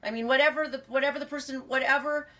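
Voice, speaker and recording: A woman's voice: high-pitched, fairly even intonation, fast talker, sharp tone, recorded from a distance. A woman from California chatting casually and rambling as she reads out viewer comments, laughing often. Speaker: farm vlogger reading viewer comments. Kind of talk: casual chat.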